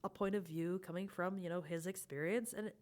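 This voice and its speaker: A woman with a very low-pitched voice hosts a relaxed interview. She responds in a reflective, supportive way, offering perspective and familiar sayings. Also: a little fast. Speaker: podcast host. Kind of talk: casual interview chat.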